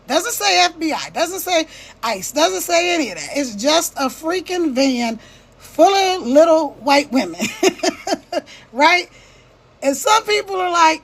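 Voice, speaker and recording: Passionate woman with a high voice. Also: animated, slow, pauses often, fairly bright tone. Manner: passionate, repeats "right?" to check in with listeners. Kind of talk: impassioned monologue.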